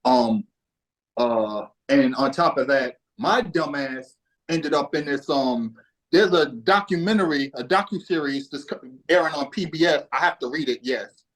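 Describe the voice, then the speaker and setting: A man's voice: on the high side, a little slow, fairly bright tone, rough recording. Casual, cussing storyteller man from Boston. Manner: laid-back, profane, anecdotal. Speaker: podcast guest, music historian.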